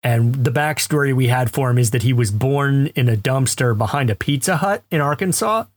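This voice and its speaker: A man's voice: medium pitch, animated, moderate pace, dry recording. A man co-hosting a podcast, casually telling rambling stories and laughing as he talks. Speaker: podcast co-host. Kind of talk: casual chat.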